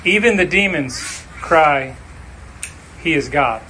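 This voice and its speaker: Bright, high-voiced preaching man. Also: animated, a little hiss or hum, poor audio. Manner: dramatic preaching with slow emphatic phrases. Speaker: pastor. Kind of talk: sermon.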